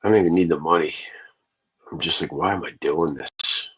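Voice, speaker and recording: A man with a very deep, husky voice rants on a livestream, swearing freely. He rambles from one thought to the next and keeps answering his chat. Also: fairly quick, a bit bright, rough recording. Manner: profane, rambling, talks back to chat. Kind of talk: casual livestream rant to chat.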